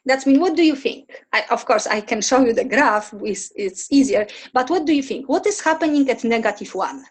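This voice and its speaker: Husky-voiced woman teaching math. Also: high voice, animated, moderate pace, rough recording. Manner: talks through steps, asks students questions. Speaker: math lecturer. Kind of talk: recorded lecture over slides.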